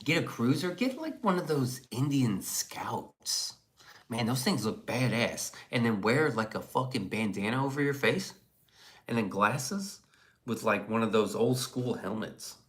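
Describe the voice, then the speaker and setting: A man's voice: mid-range voice, expressive, unhurried, fairly bright tone. A man streaming live, reading chat messages aloud and riffing on them in loose, profane, casual talk.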